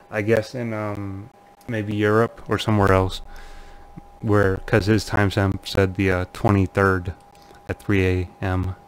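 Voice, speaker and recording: A man's voice: on the low side, smooth. A man casually commenting on forum posts he reads aloud, laughing nervously and muttering uneasily. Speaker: channel host.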